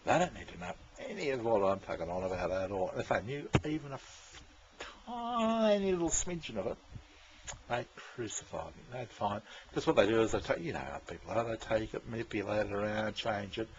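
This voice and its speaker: A man's voice: on the low side, animated, fairly quick, hardly any pauses, a little hiss or hum. A man, rambling in casual chat, swearing freely and chuckling often. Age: 60s. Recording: dull lo-fi recording.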